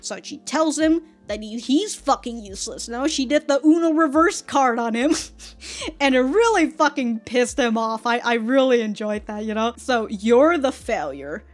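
Female reaction vlogger, casual, animated and sweary, with a slightly high voice. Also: moderate pace. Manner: swears freely, laughs often, animated storytelling. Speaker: reaction video host.

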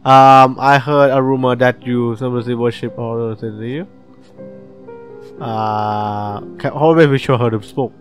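A man's voice: medium pitch, steady tone, measured pace, music in the background. Chatty, swearing man playing a game. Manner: chatty, swearing, reads game text aloud, laughs often. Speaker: gaming channel host. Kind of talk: casual let's-play commentary.

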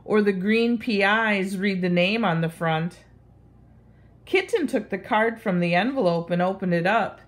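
Woman reading a children's storybook aloud. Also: medium pitch. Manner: expressive, sing-song read-aloud voice.

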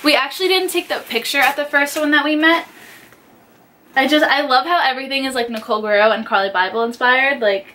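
A young woman from the New York area chats to her camera at home, full of "like" and quick excitement. Her voice is bright and a little high. A faint hiss sits under the recording. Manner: chatty, full of "like" fillers, excitable. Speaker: beauty YouTuber. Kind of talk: casual chat unboxing a swap box.

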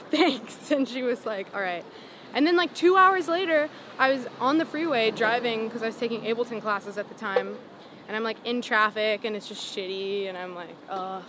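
A woman's voice: a little high, brisk, a bit bright. Chatty young woman, street noise behind. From Los Angeles. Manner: chatty, many "like" fillers, laughs often. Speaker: singer-songwriter guest. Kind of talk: casual interview storytelling. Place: outdoors on a city sidewalk.

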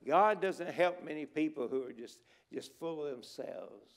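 In a conference church sanctuary, a middle-aged preacher delivers an emphatic revival sermon, urging on the congregation and repeating words to drive points home. He speaks unhurriedly and expressively, his voice on the high side.

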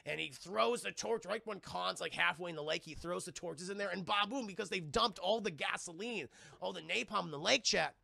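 A man streaming a casual movie review, excitable and profane, often restarting his sentences. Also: high voice, a little fast, gravelly, no room sound. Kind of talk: casual livestream commentary.

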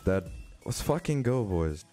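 A young man comments live on the game he's playing as a streamer, speaking a little slowly over soft background music. He's excitable and swears, swinging between mumbling and yelling.

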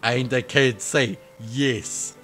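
A man streaming himself reading a visual novel aloud, breaking off into giggly, excitable asides. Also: mid-range voice, slow pace. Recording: faint game music behind.

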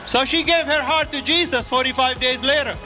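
A man's voice: very high voice, fairly even intonation, brisk, over loud music. A middle-aged man from the Middle East, a native Arabic speaker, giving a fervent sermon-style testimony to an audience in a large church. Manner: fervent preaching with exclamations of praise. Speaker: guest speaker. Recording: echoey hall with audience.

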